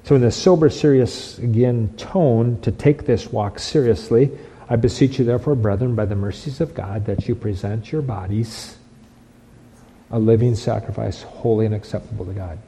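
A man's voice: on the low side, normal speed, warm tone, a little hiss or hum, low-quality recording. A man preaching a sermon as pastor, emphatic, repeating phrases and restarting lines.

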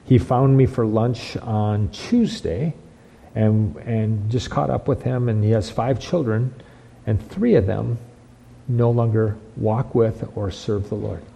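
A man's voice: fairly low pitch, takes it slowly, creaky, warm tone, poor audio. A man preaching a sermon as pastor, emphatic, repeating phrases and restarting lines.

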